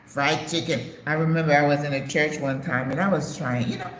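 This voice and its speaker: A woman's voice: deep voice, fairly even intonation, a little fast. An older woman, a retired nurse practitioner, hosting a casual live chat and telling stories with emphatic, preachy asides. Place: home in Panama. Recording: echoey room with faint background noise.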